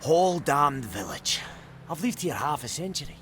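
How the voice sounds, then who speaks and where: A gruff Scottish dwarf smith. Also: male voice, fairly high pitch, very animated, moderate pace, background noise. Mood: bitter. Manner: sarcastic, swearing, exclaiming. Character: gruff old male dwarf blacksmith, bitter and sarcastic.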